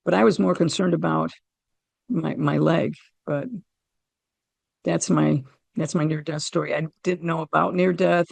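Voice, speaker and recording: This interview guest is a middle-aged woman from the US who recounts something from her own life in a lively way, voicing what she said herself. She speaks on the low side with some vocal fry, in a dry, echo-free recording.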